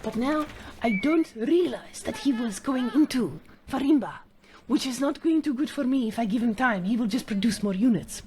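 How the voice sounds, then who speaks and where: A woman's voice: a little high, animated, moderate pace, darkish tone, a little hiss or hum, lightly acted. Woman playing a boastful male gamer with a put-on French accent, cocky and trash-talking. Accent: attempted French.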